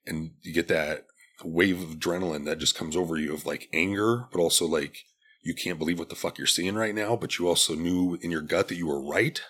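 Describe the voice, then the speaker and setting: A man's voice: low voice, a little fast, fairly bright tone, breathy edge. A man in his forties, a podcast guest, telling a personal story in a candid, blunt and profane way, with many restarts. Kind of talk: casual storytelling.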